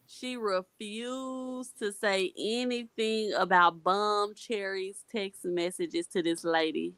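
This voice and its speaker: A woman's voice: medium pitch, takes it slowly, hardly any pauses, a bit bright, smooth. A woman co-hosting a livestream commentary, casual and agreeable.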